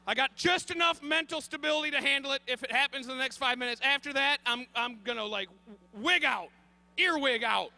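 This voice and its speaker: A man in his thirties telling a comic story on stage, animated and frantic, bursting into shouts. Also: extremely high pitch, fairly quick. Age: 30s. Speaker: comedian.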